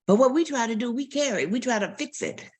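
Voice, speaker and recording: A woman's voice: fairly high pitch, expressive, fast talker. A woman pastor preaching a sermon, telling stories and acting out quotes and barking sounds.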